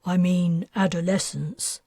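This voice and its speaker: A friendly grown man full of curious questions, as a woman narrator voices him. Lightly marked, keeping near her own breathy voice in a dry audiobook read. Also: on the low side, fairly even intonation, takes it slowly, mellow, dry recording, exaggerated voice. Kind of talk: audiobook character voice.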